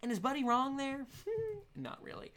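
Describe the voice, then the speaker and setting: Man, podcast host, casual rant, giggly and rambling, lively swooping pitch. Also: moderate pace. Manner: giggly, animated, rambling with fillers and laughs.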